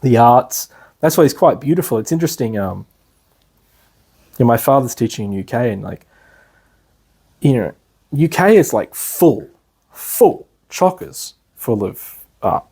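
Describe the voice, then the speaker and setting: A man's voice: mid-range voice, animated, unhurried, long pauses, dark tone, slightly rough. A man giving a class as an instructor, talking loosely with many fillers and restarts. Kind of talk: lecture.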